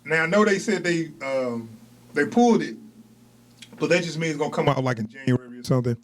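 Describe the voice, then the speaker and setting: A man's voice: a little high, brisk. A young man co-hosting a podcast in casual chat, laughing often and rambling in loose slang. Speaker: podcast co-host.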